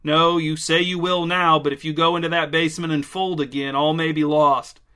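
A man voicing a brusque, bossy middle-aged man with a quick temper who gives orders. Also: fairly high pitch, level tone, sharp tone, clean tone. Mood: insistent.

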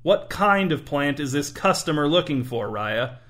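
A man's voice: fairly high pitch, lively intonation, moderate pace, a bit bright. A man reading a story aloud and voicing a bossy smudged creature with a grating voice and a haughty, demanding manner. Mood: cold. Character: smudged shadowy creature, bossy, scornful master.

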